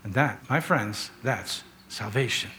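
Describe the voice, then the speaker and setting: A man's voice: mid-range voice, expressive, unhurried, sharp tone. A man preaching a sermon in an earnest, conversational way, telling stories and asking rhetorical questions.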